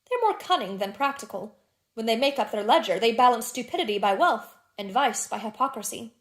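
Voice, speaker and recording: Female narrator voicing an epigram-spouting Victorian aristocrat, dry and slightly high. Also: animated, a little fast, lightly acted. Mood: drily witty. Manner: dry, epigrammatic drawing-room wit. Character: witty, cynical aristocratic Victorian gentleman.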